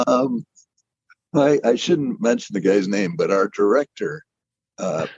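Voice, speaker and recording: A man's voice: fairly low pitch, big pitch swings, takes it slowly, vocal fry, slightly rough, no room sound, muffled recording. An older man telling his career story in a rambling, self-deprecating way, often restarting his sentences. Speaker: interview guest, animator. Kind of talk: casual storytelling.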